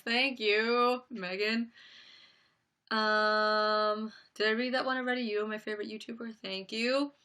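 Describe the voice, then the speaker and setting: Soft-spoken young woman live-streaming. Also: mid-range voice, clean tone. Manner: soft-spoken, reads out chat comments and thanks viewers. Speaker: livestream host. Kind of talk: casual livestream chat. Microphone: built-in laptop mic.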